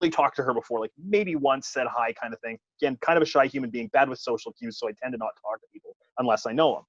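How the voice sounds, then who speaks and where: Telling a funny story about himself, a wrestling referee gets animated and self-deprecating in relaxed podcast talk. He has a mid-range voice and is a fast talker. The sound is dull, lo-fi and dry.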